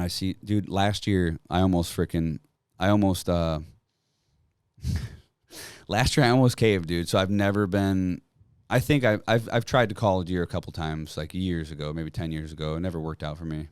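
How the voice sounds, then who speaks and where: A man's voice: deep voice, moderate pace, clean tone, dry recording, studio quality. A man talking as a podcast guest, telling hunting stories in a loose, profane way with lots of fillers. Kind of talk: casual chat.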